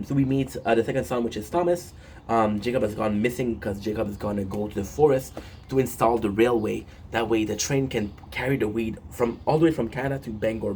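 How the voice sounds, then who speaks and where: A man's voice: on the low side, a little mellow, a little hiss or hum. A man casually recapping a show episode on his phone, rambling with many fillers and restarts and swearing often.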